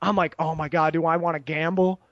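Profane, rambling high-voiced man. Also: flat delivery, fairly quick, dry recording, lo-fi sound. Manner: rambling, profane, tags lines with "right?"; acts out voices of people in his story. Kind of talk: casual anecdote telling.

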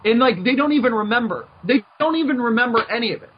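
A man's voice: very high voice, animated, fast, slightly rough. A man hosting a podcast, delivering a heated, repetitive opinion rant with stumbling restarts. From United States. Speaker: podcast host. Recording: dull lo-fi recording.

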